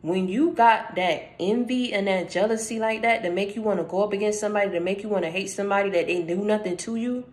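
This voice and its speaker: A woman's voice: medium pitch, quick pace, few pauses, a little mellow. A woman hosting her channel, giving a casual spiritual message in an emphatic, conversational way, repeating phrases for stress and speaking straight to the listener. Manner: conversational, addresses listener directly.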